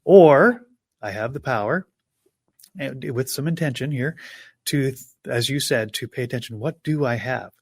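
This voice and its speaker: A man's voice: mid-range voice, a little slow, no echo. Thoughtful man affirming his co-host. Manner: thoughtful, affirming, builds on his partner's points. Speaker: podcast co-host. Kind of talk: motivational podcast talk.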